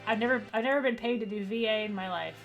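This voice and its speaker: A woman's voice: fairly high pitch, fast, muffled recording, faint music behind. A young woman streaming a let's play, commenting in a playful, self-mocking way.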